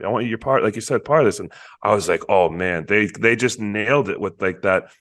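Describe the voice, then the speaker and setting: Man, low voice, podcast co-host, enthusiastic, repeats words, casual film talk. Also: fast talker, fairly bright tone. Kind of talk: casual movie review chat.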